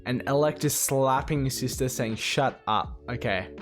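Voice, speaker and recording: A man casually recapping a comic chapter, excitable, reading out the characters' lines as he goes. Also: medium pitch, normal speed, faint music behind. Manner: excitable, retells the plot while reading out the dialogue. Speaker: manga reviewer.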